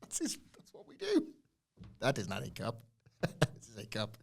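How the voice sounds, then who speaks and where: A man co-hosting a wrestling podcast, jokey and quick to laugh. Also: medium pitch, huge pitch swings, creaky, background noise. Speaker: podcast co-host. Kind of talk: casual chat.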